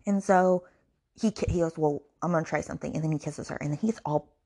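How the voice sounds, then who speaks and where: Woman host, mellow lowish voice, sarcastic exasperated rant, casual swearing. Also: quick pace, creaky. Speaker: podcast host reviewing books. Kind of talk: ranting book review.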